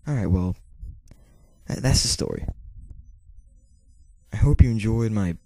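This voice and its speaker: A teenage boy telling a rambling story to camera, with lots of fillers, restarts and swearing, his volume swinging between quiet and loud. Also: on the low side, lively intonation, a little slow, no room sound. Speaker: vlogger. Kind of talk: casual storytelling monologue.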